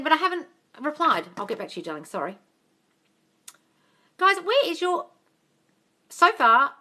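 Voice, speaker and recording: A woman with a high, bright voice runs a live-stream Q&A, answering viewers' comments. She is blunt and sweary, calls everyone darling, and every so often bursts into loud, excited cheers. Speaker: manifestation coach answering live chat.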